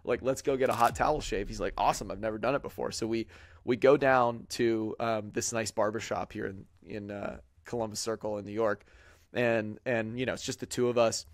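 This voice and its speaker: A man's voice: lowish voice, steady tone, brisk, dry recording. A man hosting a podcast, telling a long story in a rambling way with lots of fillers and quoted voices. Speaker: podcast host. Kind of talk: casual chat.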